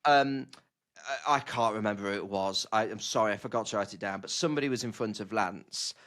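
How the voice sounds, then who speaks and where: A man co-hosting a podcast in casual, excitable chat, often tripping over his words. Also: lowish voice, fairly quick. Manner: chatty, excitable, stumbles and restarts. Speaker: podcast co-host.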